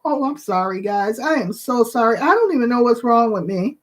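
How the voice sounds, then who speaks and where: A woman in her sixties hosting her own channel, chatting casually and emotionally to viewers with many pauses and fillers. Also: a little high, lively intonation. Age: 60s. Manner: slow, emotional, tearful at times, with pauses and fillers. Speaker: channel host.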